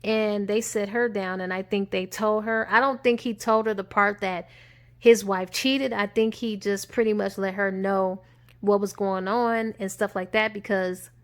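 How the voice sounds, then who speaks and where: A woman casually retelling a film's plot, acting out the characters' lines in quick quoted bursts. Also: mid-range voice, fairly even intonation. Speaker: movie reviewer. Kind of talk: casual spoken movie recap.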